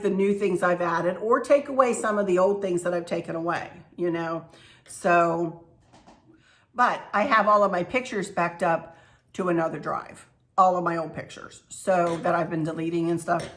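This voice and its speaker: A woman's voice: fairly low pitch, a bit bright. A middle-aged woman, chatting casually to camera as a channel host, rambling and effusive.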